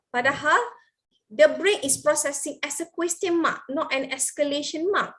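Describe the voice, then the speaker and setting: A woman's voice: high-pitched, normal speed, a bit bright. A middle-aged Malaysian woman giving a sharing-session talk to teachers, explaining in a free mix of Malay and English. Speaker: education speaker for teachers.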